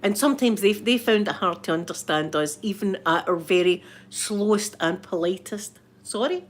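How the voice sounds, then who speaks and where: A woman's voice: medium pitch, normal speed. A middle-aged Scottish woman hosting a live stream, chatting casually with viewers, laughing often and mimicking other voices. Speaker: ASMR livestream host.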